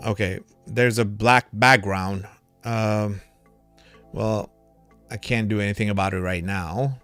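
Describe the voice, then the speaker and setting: A man's voice: lowish voice, fairly even intonation, slow pace, fairly bright tone, clean tone, faint music behind. A man hosting a crypto livestream in a casual, rambling way, a little tipsy from drinking, calling his viewers brother and man.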